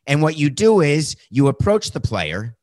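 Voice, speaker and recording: A man hosting a sports podcast, talking sarcastically and acting out quotes with animated, mocking voices. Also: on the high side, normal speed, no room sound, clean studio sound. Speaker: podcast host.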